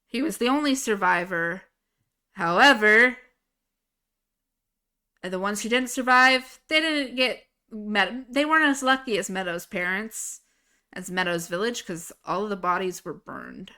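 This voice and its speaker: A young adult woman streamer in casual chat, excitable, swearing and laughing often as she talks about her own story. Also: medium pitch, unhurried. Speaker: livestreamer.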